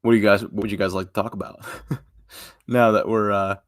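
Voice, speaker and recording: A man's voice: lowish voice, flat delivery, normal speed. Tired, rambling man on a live stream. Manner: rambling and informal, trailing off softly at the ends of phrases. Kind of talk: casual live stream chat.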